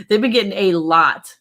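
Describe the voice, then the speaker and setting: A woman's voice: medium pitch, fairly bright tone. A middle-aged woman co-hosting a casual livestream, chatty and laughing often as she reads out viewer messages. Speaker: co-host of a livestream. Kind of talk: casual live chat reading comments.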